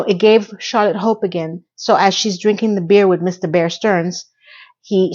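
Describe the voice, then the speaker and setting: A woman's voice: fairly low pitch, darkish tone. Middle aged woman doing a chatty show recap, opinionated, kinda muffled lo-fi audio. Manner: chatty, opinionated, advice-giving. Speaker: TV episode recapper. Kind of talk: casual episode recap.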